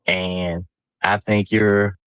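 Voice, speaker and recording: A man's voice: low voice, flat delivery, drawn-out words, a bit bright, clear, resonant tone, no room sound, low-quality recording. A man speaking as a guest on a livestream, insistent and repeating himself to get a word in. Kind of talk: casual livestream chat.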